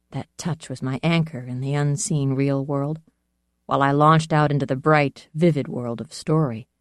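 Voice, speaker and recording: An audiobook narrator reading a first-person fantasy novel in a measured, even storytelling manner. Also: mid-range voice, no echo, studio quality.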